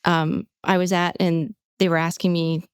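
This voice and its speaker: Lively woman podcast host, dry close mic. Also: lowish voice, normal speed, smooth, no room sound. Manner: animated storyteller, acts out quoted clients in a raised voice. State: getting emotional. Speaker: real estate agent and podcast host. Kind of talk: casual podcast chat.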